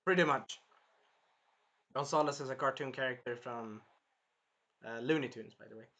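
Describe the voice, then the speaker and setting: A man's voice: medium pitch, moderate pace, sharp tone. A man reviewing an anime episode in a casual, rambling recap full of fillers, sounding a bit tired. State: tired, clearing his throat.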